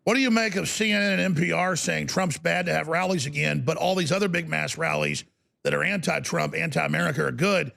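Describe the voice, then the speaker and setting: A middle-aged man hosting a combative political talk show, animated and indignant, repeating words as he gets worked up. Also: on the high side, fairly quick, gravelly.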